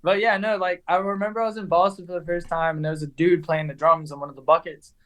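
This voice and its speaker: A young man with an English accent worn down by years in the American South talks on a video call. His voice sits a little high, and his casual chat is full of "like" and "dude," broken up by easy laughs. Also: steady tone, quick pace, a bit bright. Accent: English, softened after years in the American South. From England. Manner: chatty, laughs often, says "dude" and "like" a lot. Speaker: guest, racer.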